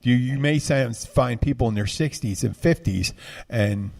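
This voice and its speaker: A man's voice: mid-range voice, unhurried, vocal fry, darkish tone. Guy cohosting a chill podcast, rambly, lots of restarts and uhs. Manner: rambling, many restarts and fillers. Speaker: podcast co-host. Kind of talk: casual chat.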